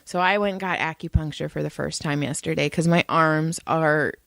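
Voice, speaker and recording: A woman's voice: low voice, steady tone, normal speed, vocal fry, a bit bright, dry recording. A woman co-hosting a podcast, telling stories animatedly with laughs and swearing. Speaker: podcast co-host. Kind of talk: casual chat.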